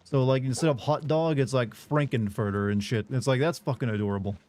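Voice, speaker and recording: A man's voice: mid-range voice, a little mellow, a little hiss or hum. Rambling, swearing male streamer. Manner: rambling, rapid filler-heavy chatter with swearing. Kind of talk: casual live stream chat.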